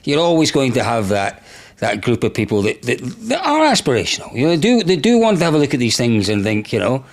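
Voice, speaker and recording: A man's voice: medium pitch, wildly swooping pitch, brisk. A man hosting a podcast who mostly agrees with his guest in casual chat. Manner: agreeable, backchanneling.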